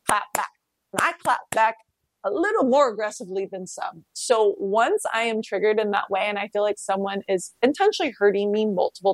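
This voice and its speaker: A woman hosting a casual solo podcast, talking candidly and self-reflectively, with swearing and pitch leaps when emphatic. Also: dry recording. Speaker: podcast host.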